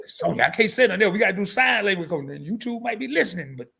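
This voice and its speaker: A hoarse man hosting a live interview stream, joking around in a loud, slangy, animated way. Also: sits high, rapid-fire. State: hoarse from laryngitis. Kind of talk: casual live-stream chat.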